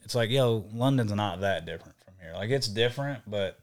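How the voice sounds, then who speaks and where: A young man and podcast guest telling profane, animated stories in casual chat. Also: medium pitch, a little fast, few pauses. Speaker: podcast guest, band vocalist.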